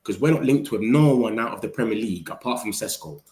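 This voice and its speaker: A man's voice: on the low side, quick pace, reverberant. Slangy man chatting to his viewers. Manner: slangy, animated, talks straight to chat. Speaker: football channel host. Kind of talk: casual live-stream chat reading viewer comments.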